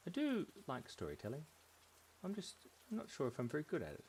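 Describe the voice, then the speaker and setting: A man's voice: mid-range voice, huge pitch swings, moderate pace, creaky, long pauses, a little mellow, a little hiss or hum. A man hosting a live drawing stream from a room at home, chatting in a playful, giggly way and telling silly stories. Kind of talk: casual rambling chat while drawing. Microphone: headphones on, desk mic.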